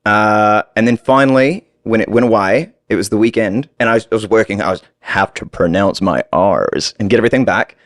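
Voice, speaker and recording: Low-voiced man with an Australian-tinged American accent. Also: fast talker, few pauses, no room sound, clean studio sound. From United States. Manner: animated, laughing storyteller. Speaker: podcast guest. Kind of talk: casual storytelling.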